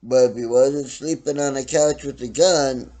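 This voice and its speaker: A middle-aged man ranting his opinions bluntly and profanely, swinging from loud outbursts to low mutters. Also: steady tone, normal speed. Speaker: vlogger ranting to camera.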